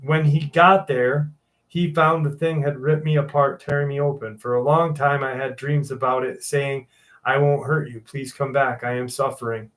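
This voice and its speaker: A man's voice: mid-range voice, fairly even intonation, normal speed. A man hosting a paranormal podcast, reading stories and joking crudely. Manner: joking, crude, riffs loudly. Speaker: podcast host. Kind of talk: casual podcast chat.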